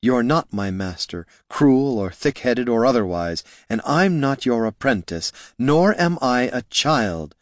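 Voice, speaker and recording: A man's voice: mid-range voice, expressive, unhurried, few pauses, no echo, clean studio sound, voice pushed up, close to an everyday voice. A man voicing a proud, fierce young woman mage who snaps and talks back defiantly in an audiobook. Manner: sharp, snapping, defiant.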